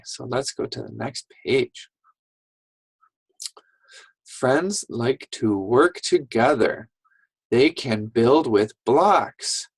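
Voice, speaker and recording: A woman teacher leads a reading lesson for young children, speaking very slowly and deliberately in a husky voice. She is animated and praises the class with little gasps. The sound is dry and close, with no room echo. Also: extremely low pitch.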